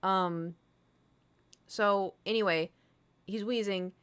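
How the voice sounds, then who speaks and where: Woman, streamer, casual storytelling, mid-pitched voice, rambling, lots of fillers, swears freely. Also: fairly even intonation, slow pace, a bit bright, clean tone. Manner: rambling, filler-heavy, candid and profane.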